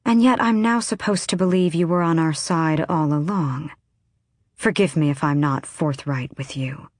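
A woman's voice: low voice, moderate pace, darkish tone, no room sound, studio quality. A woman reading the part of a cold, defiant young woman assassin with a cutting, sardonic manner. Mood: bitter.

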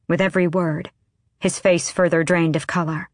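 A woman narrating an audiobook in a measured, even storytelling manner. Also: fairly low pitch, no room sound.

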